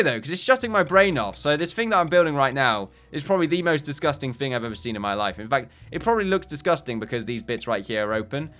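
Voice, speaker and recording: A man's voice: mid-range voice, lively intonation, fast talker, few pauses, a bit bright. A man hosting a let's play, rambling and joking at his own expense in casual commentary. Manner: rambling, self-mocking, jokey. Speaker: gaming channel host.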